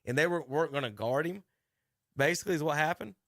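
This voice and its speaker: A middle-aged man, hosting sports talk radio and telling a rambling, animated coaching story with many restarts. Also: fairly high pitch, quick pace, no room sound, studio quality. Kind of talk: casual radio chat narrating a video clip. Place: radio studio.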